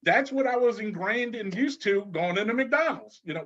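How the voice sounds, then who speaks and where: A man with a notably high voice tells stories as a guest, laughing and restarting as he goes. The audio is slightly muffled and lo-fi. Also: moderate pace. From New Orleans. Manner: animated storyteller, laughs often, many restarts. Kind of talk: casual conversation.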